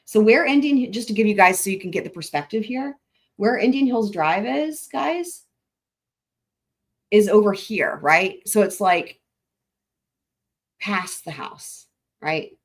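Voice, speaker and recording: A woman's voice: mid-range voice, lively intonation, a little slow, pauses often. Rambling, swearing woman livestreamer. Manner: rambling, profane, thinking aloud with frequent "like" and restarts. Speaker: livestream host. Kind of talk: casual live commentary over maps.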